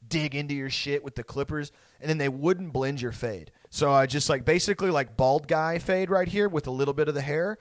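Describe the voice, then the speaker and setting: A man's voice: fairly high pitch, brisk, few pauses, no room sound. A young man hosting a podcast, telling a childhood story in a rambling, profane, laughing way. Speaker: podcast co-host. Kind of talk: casual storytelling.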